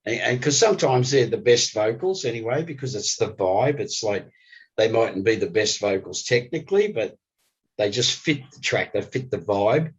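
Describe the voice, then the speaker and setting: An older man, a guest musician telling animated stories in an interview. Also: on the low side, normal speed, husky. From Australia. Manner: animated storyteller, voice jumps up when excited. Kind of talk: storytelling interview. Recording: slightly dull lo-fi recording.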